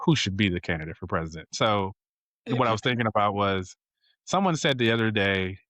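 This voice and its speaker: A man's voice: lowish voice, expressive, fairly quick, fairly bright tone, no echo. A middle-aged man from rural Virginia, hosting a casual family podcast in a laid-back, joking way. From rural Virginia, USA. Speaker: podcast host and father.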